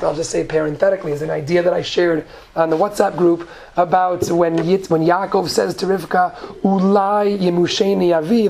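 A woman's voice: lowish voice, vocal fry, darkish tone, a little hiss or hum. A woman teaching a Torah lesson, reading Hebrew verses and explaining them in English. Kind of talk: lecture on Genesis text.

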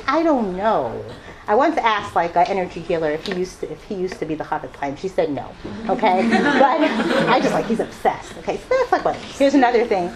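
A woman's voice: a little high, animated, a little fast, noisy background. A mother telling personal stories to a live audience, laughing often and acting out the people she quotes. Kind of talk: personal storytelling talk.

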